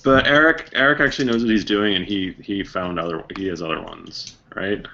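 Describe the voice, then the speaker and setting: A man's voice: fairly low pitch, lively intonation, fairly quick, pushed and bright. A man setting up a tabletop game, teasing his friends in casual chat. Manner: teasing, playful. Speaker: game organizer on a podcast. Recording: muffled lo-fi recording with faint noise.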